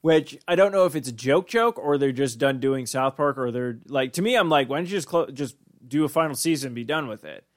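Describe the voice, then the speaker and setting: A man's voice: mid-range voice, fairly quick, hardly any pauses. A man chatting casually on a podcast, rambling and swearing as he gets worked up. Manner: rambling, profane, excitable.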